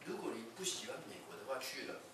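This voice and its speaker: A man's voice: mid-range voice, big pitch swings, fast talker. A middle-aged man giving a university literature lecture. He reads passages aloud and explains them, switching between languages. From Taiwan. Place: large classroom. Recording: very echoey room, mic far off, faint hum.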